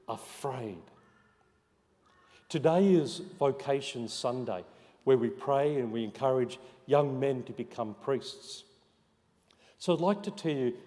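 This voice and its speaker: A man, a parish priest giving a homily, telling stories and dropping to soft hushed emphasis. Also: medium pitch. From Australia. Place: church. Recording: long church reverb.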